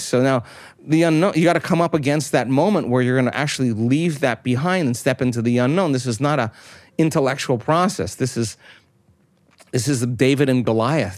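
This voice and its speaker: A man's voice: medium pitch, no echo. Emphatic man explaining, dry close sound. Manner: emphatic, with rhetorical questions and repeated phrasing. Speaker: interview guest. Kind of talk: explanatory talk.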